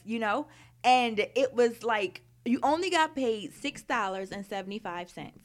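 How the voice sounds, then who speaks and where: A woman's voice: a little high, expressive, unhurried. Candid woman telling her story. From Baltimore, Maryland. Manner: frank, conversational, heavy use of "like" and "you know". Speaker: storyteller recounting her youth.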